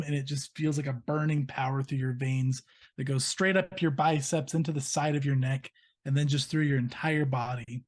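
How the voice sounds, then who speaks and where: Man narrating as game master. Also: a little high. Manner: vivid, steady scene narration.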